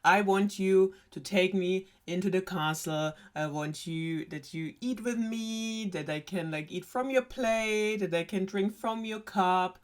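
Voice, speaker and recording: A woman's voice: medium pitch, measured pace, few pauses, close to an everyday voice. A talking frog who chats in casual slang and pushes his own terms, as a German woman puts him on. He is friendly and a bit demanding, with a German accent. The voice stays close to the storyteller's own. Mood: pushy.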